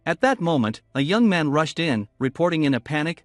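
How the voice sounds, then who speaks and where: A man's voice: fairly high pitch, fairly quick, dry recording, clean studio sound, faint music behind. A man narrating a comic recap in a scripted voice, reading every character himself. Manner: reads all characters in one steady narrating voice.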